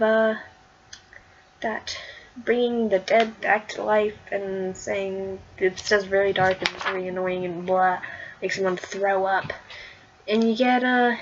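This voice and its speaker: A woman's voice: mid-range voice, highs cut off. A woman casually talking through a comic issue in a chatty vlog, full of fillers and giggles. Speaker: comic book reviewer.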